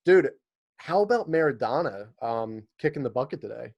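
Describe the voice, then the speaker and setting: A man's voice: mid-range voice, expressive, moderate pace, gravelly, darkish tone, muffled recording, slight background noise. A young man hosting a podcast in casual chat, laid-back and profane, laughing often. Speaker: podcast host.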